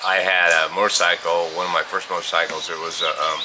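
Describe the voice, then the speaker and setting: A middle-aged man from California spins a loose, rambling tale, full of fillers and small chuckles. His voice sits very low. He is recorded outdoors on a farm, with birds and crickets clearly heard behind him. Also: flat delivery, brisk. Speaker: vlogger telling stories. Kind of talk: casual storytelling. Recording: outdoor insect and bird noise.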